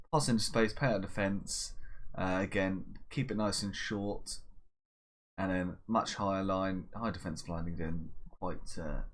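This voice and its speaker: Chatty man commenting on his game. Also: fairly low pitch. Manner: chatty, bursts into excited shouts at goals. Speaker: gaming channel host. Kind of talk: casual Let's Play commentary.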